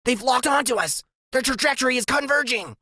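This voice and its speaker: A man's voice: very high voice, expressive, sharp tone, husky, no room sound, voice pushed up, heavily acted. A man plays a tiny know-it-all boy who bosses everyone around. The voice sits far above a grown man's and fires off orders in urgent little bursts. The recording is close and dry. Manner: urgent, commanding, quick bursts. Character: small clever bossy boy sidekick.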